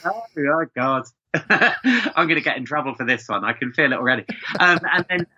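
A man's voice: on the high side, lively intonation, normal speed, sharp tone, husky, lo-fi sound. A man with a London accent, talking chattily as a guest on a podcast, with lots of fillers and restarts. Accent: London English. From England, London. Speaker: guest, speech expert. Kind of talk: casual podcast conversation.

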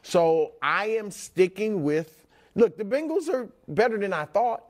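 A man's voice: high-pitched, lively intonation, a little slow, darkish tone. A man on a sports talk show defending his football pick, hesitant and repeating words as he argues. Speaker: football analyst.

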